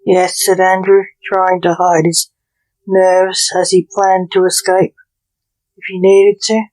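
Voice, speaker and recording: Slow-reading woman storyteller. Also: lowish voice, level tone, darkish tone, poor audio. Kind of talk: story narration.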